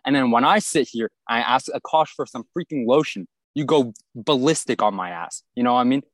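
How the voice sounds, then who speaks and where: A young man telling an exaggerated comic story from high school in a casual chat. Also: a little fast, no room sound.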